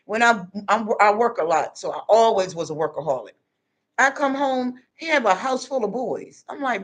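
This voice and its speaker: A woman's voice: mid-range voice, lively intonation, normal speed, a bit bright. Middle-aged woman vlogging, no filter, tells it like it is, medium voice. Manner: blunt, streetwise, plain-spoken. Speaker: vlogger giving life advice. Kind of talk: casual monologue to camera.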